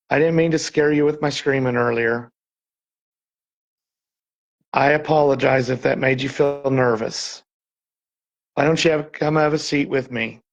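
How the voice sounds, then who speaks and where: A man from Texas on a live-streamed ghost hunt, talking softly and reassuringly to an unseen presence in an old building. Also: mid-range voice. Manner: soft, coaxing, reassuring. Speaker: paranormal investigator. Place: old saloon building at night.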